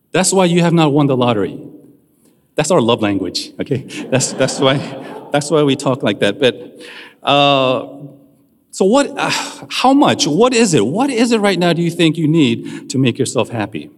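A man's voice: fairly high pitch, very animated, moderate pace, in a large hall. A man preaching a sermon as a pastor, in a conversational way, often asking his listeners questions.

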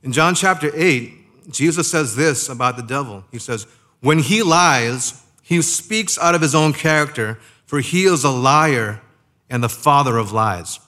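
Animated and sharp in tone, a mid-range male voice belongs to a pastor preaching in a conversational way. He throws rhetorical questions at the listeners and slows down to drive home key phrases.

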